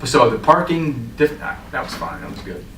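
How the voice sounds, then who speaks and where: A man's voice: mid-range voice, big pitch swings, a little fast, noisy background. A middle-aged man, a school principal, answering interview questions casually with hesitant fillers. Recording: echoey room from far off.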